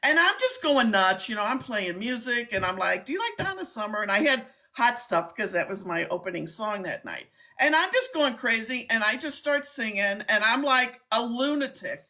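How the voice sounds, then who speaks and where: A middle-aged woman hosting a casual live-stream chat, talking in an excitable, chatty way. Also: fairly high pitch, moderate pace, hardly any pauses. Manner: chatty, excitable, laughs often. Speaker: host, scam baiter.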